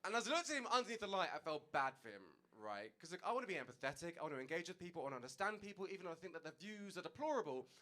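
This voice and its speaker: A young man doing a stand-up comedy set on stage, telling a story with animated delivery and acted-out dialogue. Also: high-pitched, very fast, hardly any pauses. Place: comedy stage before an audience.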